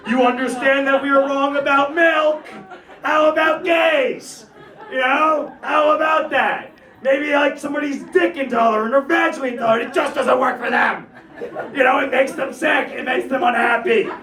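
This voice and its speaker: A man in his thirties doing a stand-up comedy set, ranting and shouting in bursts with a laugh in his voice and plenty of swearing. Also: very high-pitched, reverberant, distant mic. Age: 30s.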